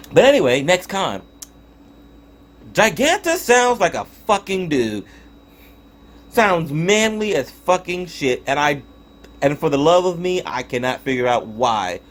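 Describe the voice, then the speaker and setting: A man's voice: on the high side, big pitch swings, a little slow, long pauses. A young man giving a casual spoken review of a cartoon episode, swearing and ranting in exasperation with frequent restarts. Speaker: TV show reviewer.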